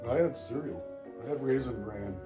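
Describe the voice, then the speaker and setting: A man's voice: medium pitch, moderate pace, over music. A man trading dry, sarcastic remarks in casual chat at home.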